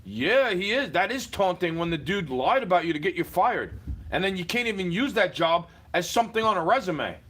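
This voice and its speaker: A man ranting at the camera from his home, profane and confrontational, shouting at times. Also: sits high, sing-song, fairly quick, breathy edge. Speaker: livestreamer. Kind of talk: angry rant to camera. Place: indoors, home.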